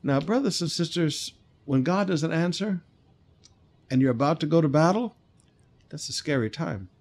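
A man's voice: on the high side, expressive, moderate pace, darkish tone. A man preaching a sermon, reading scripture and then commenting emphatically, repeating key points. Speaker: pastor.

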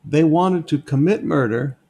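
Unhurried and warm, this pastor's voice sits on the high side as he teaches a Bible passage one verse at a time. Emphatic yet conversational, he often stops to highlight details for listeners with "notice" and "okay?", drawing on a board as he goes.

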